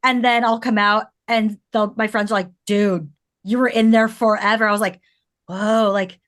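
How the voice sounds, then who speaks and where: A woman's voice: medium pitch, level tone, normal speed, a bit bright. A woman co-hosting a podcast, reacting to a guest's story with playful jokes. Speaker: podcast co-host. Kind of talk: casual podcast chat.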